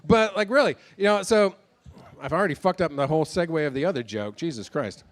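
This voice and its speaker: A man works through a loose stand-up comedy set on a club stage, his voice sitting a little high. He rambles, swears freely, and mocks his own fumbled segues. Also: expressive, brisk. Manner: rambling, self-deprecating, swears a lot.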